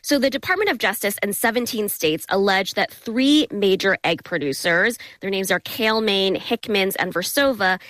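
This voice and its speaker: A woman's voice: mid-range voice, a bit bright, dry recording. Dry-toned woman explaining news. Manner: clear, explanatory, lightly playful. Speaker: correspondent. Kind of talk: radio news interview.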